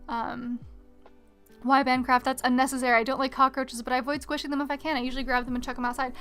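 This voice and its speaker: A woman with a slightly high voice talks casually to her chat while she draws. She tells her story in a rambling, animated way, full of fillers. Quiet music plays faintly in the background. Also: quick pace. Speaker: art streamer. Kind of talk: casual live-stream chat while drawing.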